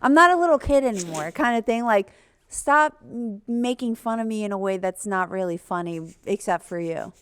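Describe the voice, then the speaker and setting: A young adult woman comedian hosting a podcast, telling animated stories with lots of swearing and laughter. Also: mid-range voice, moderate pace, smooth, no room sound, clean studio sound. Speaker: podcast host, stand-up comedian. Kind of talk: casual interview chat.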